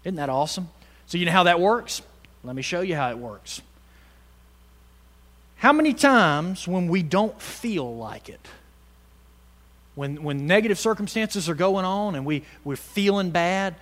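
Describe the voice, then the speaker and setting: A man preaching a sermon, swinging from loud exhortation to hushed tones and calling on the congregation to answer him. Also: high voice, lively intonation, moderate pace, in a large hall. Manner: calls on the congregation to respond.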